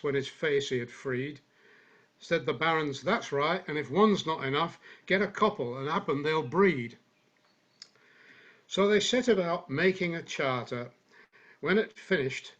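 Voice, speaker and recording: A man's voice: a little high, a bit bright. Man reciting comic verse, put-on northern. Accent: put-on generic northern English. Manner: measured storytelling in rhyming verse. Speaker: singaround participant reciting. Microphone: video call.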